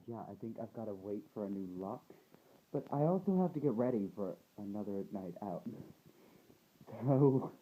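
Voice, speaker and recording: A man's voice: mid-range voice, a little hiss or hum, poor audio. A young man with a put-on American accent, talking casually in a rambling, sweary way full of ums and likes. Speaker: vlogger.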